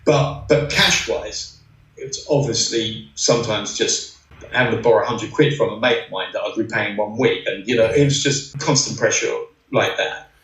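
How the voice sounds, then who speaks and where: A man's voice: fairly low pitch, moderate pace, fairly bright tone. A middle-aged man telling rambling racing stories as a podcast guest, with lots of "you know"s. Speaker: guest, former racing driver. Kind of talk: anecdotal podcast interview. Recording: roomy sound, distant from the mic.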